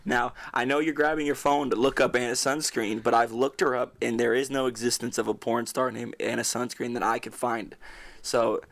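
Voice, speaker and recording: Young man, gravelly voice, casual podcast chat, rambling, swearing, laughing. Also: mid-range voice, fairly even intonation, normal speed, fairly bright tone. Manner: rambling storyteller, swears a lot, laughs often. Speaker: podcast co-host.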